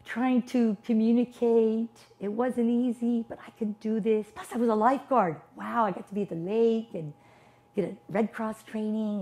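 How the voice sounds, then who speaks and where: A woman's voice: medium pitch, creaky, a little mellow. A woman in her fifties, not a native English speaker, giving an emphatic personal testimony as a motivational speaker and posing rhetorical questions. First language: non-English household language.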